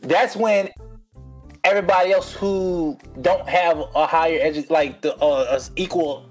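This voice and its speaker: A man's voice: on the high side, unhurried, a little mellow, faint music behind, rough recording. Rambling man in casual podcast chat. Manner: rambling, searching for words. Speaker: podcast co-host.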